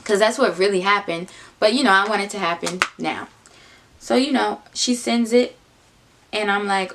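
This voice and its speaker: A young woman telling a casual personal story, animated, dropping into low muttered asides. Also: fairly quick, gravelly, background noise. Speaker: vlogger.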